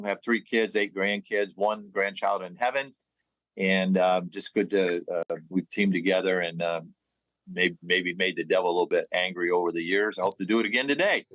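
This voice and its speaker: Older male preacher, low voice, dry close mic, terse delivery. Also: fairly even intonation, moderate pace, fairly bright tone, dry recording, poor audio. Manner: clipped, list-like self-introduction. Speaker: pastor. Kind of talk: casual podcast conversation.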